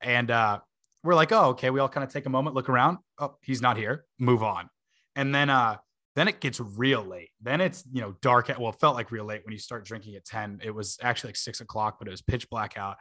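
A man's voice: mid-range voice, brisk, pushed and bright. A man in his twenties, a podcast host, telling a long story in a casual way, full of fillers and laughing asides.

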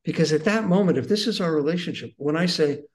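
A man in his sixties, a guest teacher, earnestly telling personal stories in conversation and moving between excited and hushed tones. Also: fairly high pitch, fast talker.

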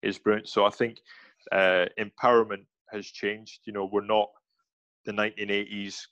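A man's voice: fairly low pitch, moderate pace, dry recording. A man, a former soldier, recounts his service in a loose, chatty interview. He acts out the voices of the people in his stories and often stops and restarts mid-sentence. The recording is dry, close and a little dull. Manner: animated anecdotes with quoted voices, many restarts. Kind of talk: casual storytelling interview.

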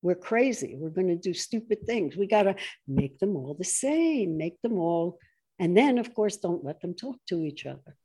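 Woman ranting about politics, mellow dark voice, gets dramatic and mocking. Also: moderate pace, husky. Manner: animated, mocks opponents in shrill voices. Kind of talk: political conversation.

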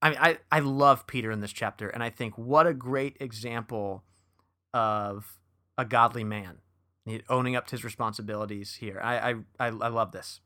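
Bright-voiced enthusiastic male co-host. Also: mid-range voice, steady tone, normal speed. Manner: enthusiastic, many restarts. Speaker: podcast co-host. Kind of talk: casual book discussion and reading aloud.

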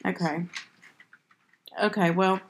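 A woman's voice: lowish voice, fairly even intonation, slow pace, slight background noise. A woman hosting a casual movie podcast, chatty and rambling, often restarting her sentences. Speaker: podcast host.

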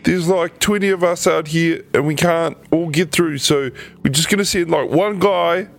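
A man's voice: fairly high pitch, normal speed, vocal fry, pitched above the performer's own voice. A man voicing a brash, scheming male adventurer who talks in a cocky, dismissive way.

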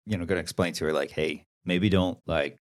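A man's voice: sits low, steady tone, brisk. A man playing a tabletop game, talking in a wry, dry-humored way. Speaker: player. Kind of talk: casual tabletop play.

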